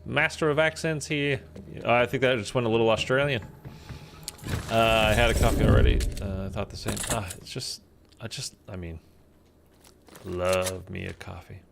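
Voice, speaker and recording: A man's voice: fairly low pitch, fairly even intonation, moderate pace, vocal fry, long pauses. A man streaming a game, chatting and rambling to his viewers. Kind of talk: casual gameplay chat. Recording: game noise behind the voice.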